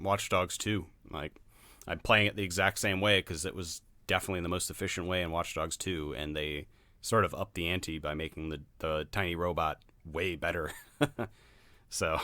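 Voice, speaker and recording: A man co-hosting a podcast in casual chat, blunt and quick to laugh. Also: sits low, steady tone, pushed and bright, no room sound. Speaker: podcast co-host.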